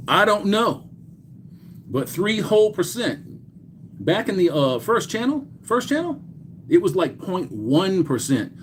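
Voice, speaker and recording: A middle-aged man hosting a casual livestream, greeting chatters by name loudly and swearing crudely. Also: sits high, a little hiss or hum. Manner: reads chat names aloud with loud greetings, crude swearing. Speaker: livestream host.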